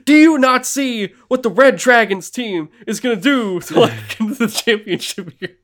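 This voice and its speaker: A man's voice: very high voice, moderate pace, a bit bright, pitched above the performer's own voice. A man quoting a brash tough male soccer coach in a blustery, mock-serious way while retelling a movie scene.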